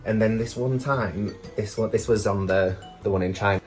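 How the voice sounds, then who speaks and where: A man's voice: fairly low pitch, moderate pace, faint music behind. A young British man, a drag queen vlogger, telling stories casually, swearing freely and filling with lots of "like". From United Kingdom. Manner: chatty, swears freely, many fillers. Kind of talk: casual storytelling.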